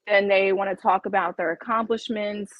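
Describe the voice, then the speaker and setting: A woman's voice: mid-range voice, steady tone, moderate pace, dry recording, highs cut off. A woman talking casually as an interview guest, chatty and laughing often as she acts out her own dialogue.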